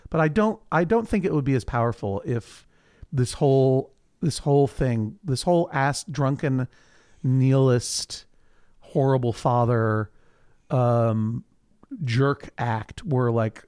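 A man's voice: medium pitch, takes it slowly, clear, resonant tone, dry recording, clean studio sound. A man co-hosting a podcast, recapping a TV series in casual chat and acting out the characters' lines. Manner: animated, acts out characters in quoted voices. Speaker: podcast co-host.

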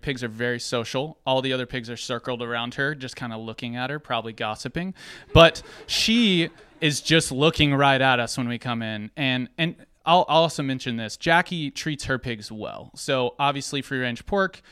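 A young man from the Atlanta area telling a personal story in an animated way, often laughing at himself. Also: medium pitch, normal speed, smooth, no echo, clean studio sound. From Atlanta area, United States.

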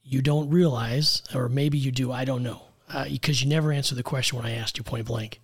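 An American man, a guest executive coach, telling his story in an earnest, measured way. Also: medium pitch, steady tone, breathy edge. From United States. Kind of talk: conversational interview.

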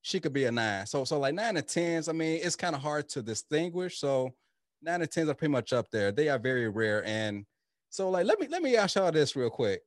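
A man's voice: fairly high pitch, big pitch swings, brisk, no echo, clean studio sound. A man hosting a casual podcast chat, talking loosely and rambling with many restarts and fillers. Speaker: podcast host.

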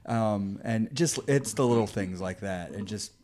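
A man's voice: lowish voice, a little slow, a little mellow. A man in casual podcast chat who rants with profanity. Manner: ranting, profane. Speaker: podcast host.

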